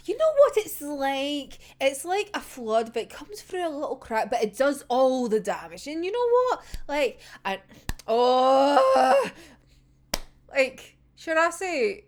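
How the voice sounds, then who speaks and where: A woman's voice: high voice, very animated, slow pace. A young woman reacting to a manga chapter with a heated, sweary rant, laughing often.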